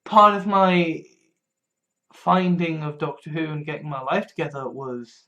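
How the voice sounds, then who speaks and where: A man's voice: fairly high pitch, steady tone, unhurried, pushed and bright, lo-fi sound. A man in a casual rambling monologue, stumbling over restarts, swearing freely and laughing wryly at himself. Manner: wry, laughs often. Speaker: vlogger.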